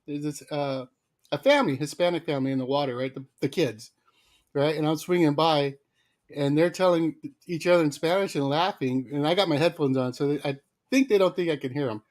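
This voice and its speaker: A man co-hosting a casual livestream, lively and quick to laugh as he greets viewers by name. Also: on the high side. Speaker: livestream co-host.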